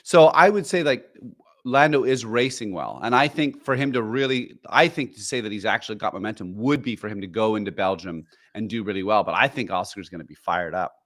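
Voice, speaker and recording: A man's voice: on the low side, brisk, a bit bright. A man co-hosting a podcast, explaining things in a rambling way with lots of fillers and restarts. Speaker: podcast co-host. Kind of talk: casual chat.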